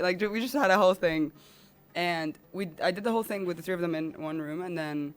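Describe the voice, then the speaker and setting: A woman guest on a podcast telling a personal story in an emotional, rambling way. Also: low-pitched.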